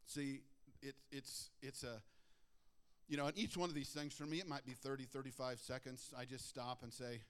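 A middle-aged man preaching a sermon, moving between hushed, earnest prayer and emphatic exhortation. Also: medium pitch, flat delivery, normal speed, clean tone.

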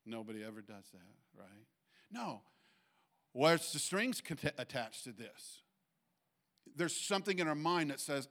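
A man's voice: fairly high pitch, big pitch swings, a little slow, pauses often, a bit bright. A middle-aged man preaching a sermon in a conversational way, full of restarts and acted-out quotes. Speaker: pastor.

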